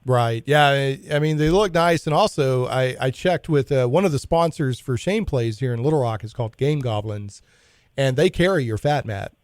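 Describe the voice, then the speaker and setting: A man's voice: medium pitch, normal speed, dry recording. A male radio show host talking in a casual, enthusiastic way, rambling a little and restarting his sentences while he interviews a guest in the studio.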